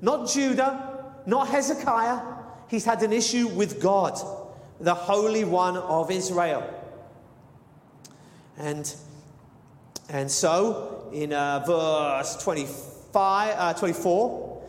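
Male preacher, high voice, earnest and explanatory, reverberant church room. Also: slow, pauses often. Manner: explanatory, earnest, with self-corrections. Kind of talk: expository sermon. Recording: reverberant hall.

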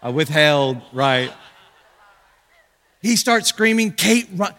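A man in his thirties preaches from a church stage with a bright, ringing voice that carries a long reverb through the hall. He tells his story with animated energy and leaps into high shouts when he quotes people. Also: slow pace. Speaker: pastor. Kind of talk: sermon.

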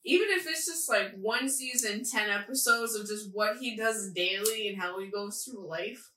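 A woman's voice: medium pitch, normal speed, sharp tone, recorded from a distance, slight background noise. A woman in a casual podcast chat, enthusiastic and laughing. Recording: echoey room, a little off-mic.

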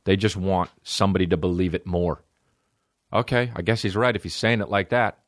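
A man hosting a solo podcast, ranting in a rambling, profane way with big swings in pitch. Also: steady tone, fairly quick, dry recording, clean studio sound. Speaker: podcast host.

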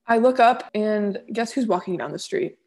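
A young woman co-hosting a casual chat, telling a story with lively acted-out quotes. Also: medium pitch, normal speed. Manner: animated, acts out quoted voices. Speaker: podcast co-host.

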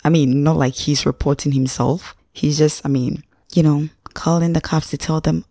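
Young woman podcaster, low mellow voice, dry close sound, chatty and slangy. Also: fairly even intonation, normal speed, hardly any pauses, no room sound. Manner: chatty and slangy, addresses listener directly. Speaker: podcast host, film reviewer. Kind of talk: casual spoken movie review.

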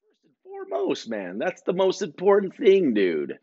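A man's voice: high-pitched, huge pitch swings, normal speed, no room sound, dull audio. A man in his forties hosting a podcast, talking in a casual, profane, meandering way and poking fun at himself. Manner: profane, meandering, self-mocking. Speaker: podcast host. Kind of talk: casual rambling monologue.

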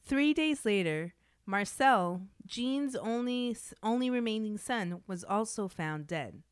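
A woman's voice: fairly high pitch, lively intonation, measured pace, clean tone, no echo, clean studio sound. A woman co-hosting a podcast, narrating a true-crime case in a blunt, matter-of-fact way between casual chat.

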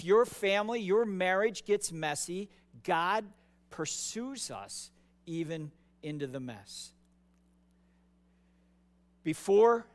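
High-voiced, unhurried male preacher. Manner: conversational and emphatic, repeats words. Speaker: pastor. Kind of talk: sermon.

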